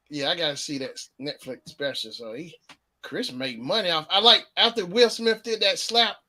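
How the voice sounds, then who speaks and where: A man's voice: on the high side, unhurried, pushed and bright. A man hosting a casual live chat show, laughing often and humming bits of songs between remarks. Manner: laughs often, hums and sings snatches of songs. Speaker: show host.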